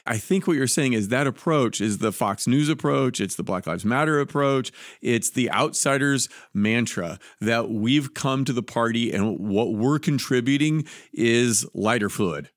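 A man's voice: medium pitch, unhurried, few pauses, dry recording. A man co-hosting a podcast, talking through ideas in a conversational way with dry, wry asides. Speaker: podcast co-host. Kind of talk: conversational discussion.

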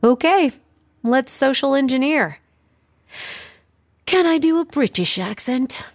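An actress playing a sharp, wry young woman hacker in an audio drama, talking to herself in sardonic asides. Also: sits high, expressive, slow pace, heavily acted. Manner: wry, sardonic inner monologue. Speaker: hacker protagonist.

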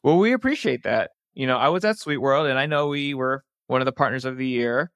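A man hosting a business podcast. He asks friendly questions, often stopping to restart with "uh" and "um". His voice sits at a middle pitch and is recorded close and dry. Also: lively intonation, a little fast, fairly bright tone, clear, resonant tone, no echo. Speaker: podcast host. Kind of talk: podcast interview.

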